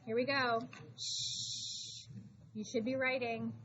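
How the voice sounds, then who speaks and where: A woman teaching math to a high school class, talking briskly and calling students back to attention. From Florida. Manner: brisk, shushing, calls for attention. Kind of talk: classroom lesson. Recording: dull classroom recording with noise.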